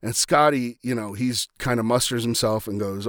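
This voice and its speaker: Podcast host, male, casual film analysis, mid-pitched, dry close sound, chatty and meandering. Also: moderate pace, hardly any pauses, a bit bright, no echo. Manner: rambling, frequent restarts and fillers.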